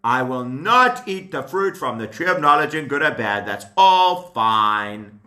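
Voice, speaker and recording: A man's voice: mid-range voice, very animated, a little slow, bright, forceful tone, pitched below the performer's own voice. A man voicing a lonely, eager young first man who asks every creature to be his friend in a pleading, sing-song way. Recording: echoey room.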